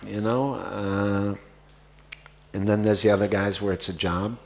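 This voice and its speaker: Man with very low voice, festival Q&A, rambling answers, fillers and restarts. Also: little pitch movement, creaky. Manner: rambling, many fillers and restarts, quick laughs. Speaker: actor answering audience questions. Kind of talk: festival Q&A conversation.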